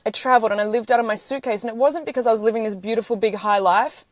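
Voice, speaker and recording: A woman's voice: on the high side, steady tone, very fast, dry recording. Woman, 30s, tearful earnest livestreamer, blunt and sweary, dry close phone sound. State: close to tears. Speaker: social media livestreamer. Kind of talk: emotional live-stream monologue.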